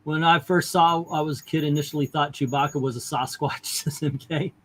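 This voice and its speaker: A man's voice: on the high side, steady tone, fairly quick, background noise. A man hosting a casual movie chat, reading out viewer comments and eagerly retelling favorite scenes. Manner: enthusiastic, retells scenes in detail. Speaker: host.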